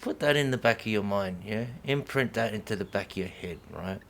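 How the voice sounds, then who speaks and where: A man's voice: fairly low pitch, fairly quick, vocal fry, a bit bright, slight background noise. A middle-aged man speaking to camera in an unscripted monologue, heated and profane, full of slang, who keeps checking in with "yeah?". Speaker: vlogger.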